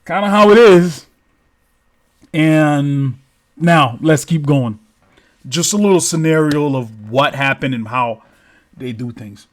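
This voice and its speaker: A man spinning a story off the cuff, profane and rambling. He mouths the thud sounds himself and keeps circling back. His voice sits a little high for a man. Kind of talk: casual improvised storytelling.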